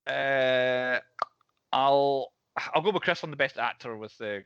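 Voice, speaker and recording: A man's voice: medium pitch, takes it slowly, fairly bright tone, clean tone, no echo, muffled recording. A man hosting a casual film podcast, laughing often as he moves through the categories. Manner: laughs often, runs the segments. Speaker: podcast host.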